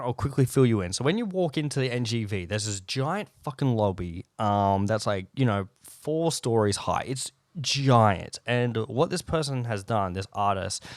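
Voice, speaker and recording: A man's voice: medium pitch, dry recording, clean studio sound. Swearing, rambling Australian man podcasting. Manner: swears a lot, rambling and animated. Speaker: podcast host. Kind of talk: casual solo podcast rant. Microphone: close podcast mic.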